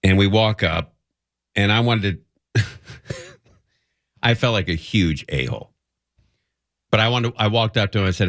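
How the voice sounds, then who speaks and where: Low, lively male radio host. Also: a little slow, pauses often, no echo, clean studio sound. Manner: rambling, self-mocking anecdotes. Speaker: radio talk show host. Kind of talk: casual radio storytelling. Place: radio studio. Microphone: studio microphone.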